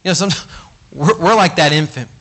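Male pastor, sermon, bright voice, a bit high, acts out voices in his stories. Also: normal speed. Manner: conversational preaching, acting out quoted voices.

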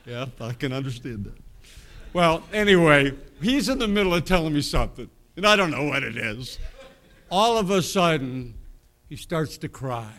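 A man's voice: on the high side, animated, normal speed, a bit bright. A middle-aged man preaching, telling a rambling, folksy anecdote with self-amused laughs. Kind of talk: storytelling sermon.

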